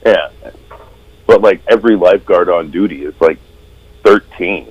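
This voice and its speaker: A man's voice: low-pitched, moderate pace, slightly rough, lo-fi sound. A man telling sardonic stories in a casual podcast chat. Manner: sardonic storyteller.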